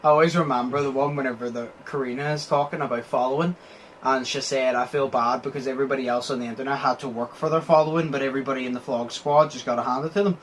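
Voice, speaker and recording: Podcast host dude rambling and cursing, faint hiss behind him. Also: male voice, medium pitch, fairly even intonation, fast, rough recording. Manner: rambling, swears a lot, acts out quotes. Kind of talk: casual podcast chat.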